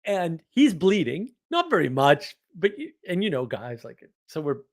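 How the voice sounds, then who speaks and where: A man telling an anecdote in a casual monologue, animated, often laughing and full of fillers and restarts. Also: a little high, normal speed. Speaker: host.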